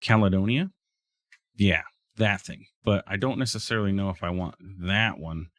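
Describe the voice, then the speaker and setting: Low-voiced man rambling over gameplay. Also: normal speed, a bit bright, no room sound, studio quality. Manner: rambling, thinks aloud, talks to the game. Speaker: let's play host. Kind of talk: casual gameplay commentary.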